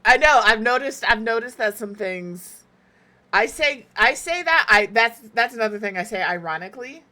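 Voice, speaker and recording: Young woman streamer, bright voice, rambling casual chat, self-mocking. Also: fairly high pitch, lively intonation, normal speed. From Southern US. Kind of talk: casual chat while gaming.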